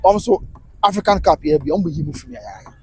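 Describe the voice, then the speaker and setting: A man with a Ghanaian accent giving casual live football commentary, switching between Twi and English in animated rants. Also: sits high, fast talker, breathy edge, low-quality recording.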